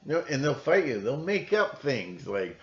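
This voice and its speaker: A man's voice: mid-range voice, very animated, unhurried. A man vlogging at home in a rambling monologue, with frequent restarts and a conspiratorial tone. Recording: roomy, dull lo-fi sound.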